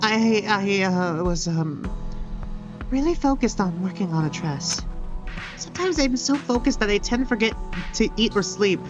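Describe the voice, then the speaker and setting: A man's voice: sits high, expressive, lo-fi sound, over music, voice pushed up. Man putting on a shy, stammering pony mare. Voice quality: shy halting voice with slight stammer. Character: timid nervous young mare dressmaker.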